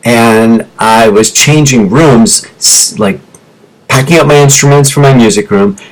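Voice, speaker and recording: A man in his forties, a former music teacher, giving a motivational talk to teachers over a teleconference. He tells his story with feeling, dropping low and quiet in the painful parts and rising for emphasis. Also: unhurried, rough recording. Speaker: teacher turned business coach. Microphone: teleconference microphone.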